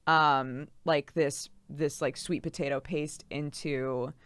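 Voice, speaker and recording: A woman's voice: low-pitched, fairly even intonation, takes it slowly, a bit bright, smooth, dry recording. A pregnant young woman streamer chatting casually and reading out viewer messages, giggly and rambling with lots of fillers.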